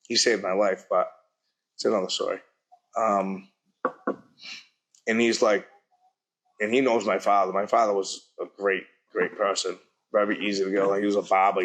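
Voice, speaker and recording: Low-voiced middle-aged man giving testimony. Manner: plain-spoken, halting, earnest storytelling. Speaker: speaker at a public forum. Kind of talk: personal testimony at a public forum. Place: university event hall.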